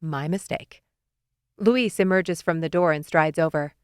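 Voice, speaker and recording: A woman narrating a first-person romance audiobook in a lively, expressive way, often lifting into excited questions, recorded close to the mic. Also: deep voice, measured pace, clean tone, dry recording.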